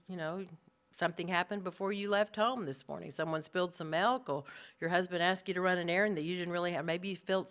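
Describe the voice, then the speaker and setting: A middle-aged woman teaching a women's Bible study to a live group, earnest and animated, speaking straight to her listeners. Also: on the low side. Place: room with a live audience.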